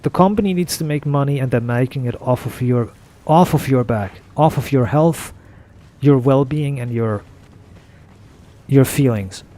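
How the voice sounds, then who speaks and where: Going off-topic while he plays, a man rants in frustration, swearing and circling back over the same points. His voice is mellow and medium-pitched, and he talks a little slowly.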